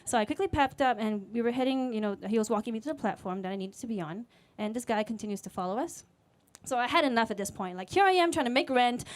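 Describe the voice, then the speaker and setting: Woman in her late 20s, kinda high voice, chatty candid story talk on stage w/ ums and likes. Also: fast talker, dry recording. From Singapore. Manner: conversational and candid, with fillers and voiced quotes. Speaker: speaker at a storytelling event, music teacher. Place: live speaker event before an audience.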